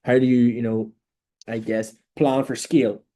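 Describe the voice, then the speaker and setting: A man's voice: mid-range voice, little pitch movement, normal speed, warm tone. A young Irish man coaching beginners in a casual, blunt monologue, swearing freely and tagging lines with "right?". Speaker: online business coach. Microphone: phone or camera mic in a room.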